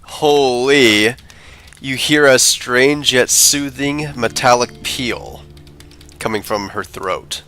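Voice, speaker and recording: A man's voice: mid-range voice, slow, sharp tone, soft background music. A man narrating as dungeon master of a tabletop game, laughing often as he describes the scene.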